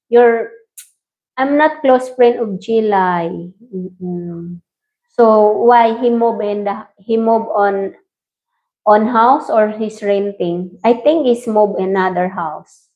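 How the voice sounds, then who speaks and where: A woman's voice: medium pitch, takes it slowly. A woman hosting a casual livestream, reading viewer comments and greeting them by name in simple English. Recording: dull lo-fi stream audio.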